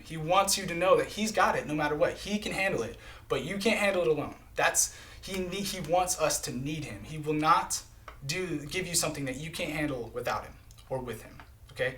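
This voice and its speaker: A man's voice: a little high, fairly quick, pushed and bright, a little hiss or hum. A man preaching a live-streamed sermon in an earnest, conversational way, often checking in with "right?" and "okay?".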